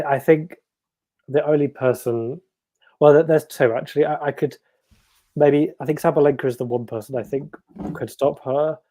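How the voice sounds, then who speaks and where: A man's voice: mid-range voice, warm tone, no room sound. A man chatting casually as a guest, hesitant and restarting his sentences. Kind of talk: casual chat.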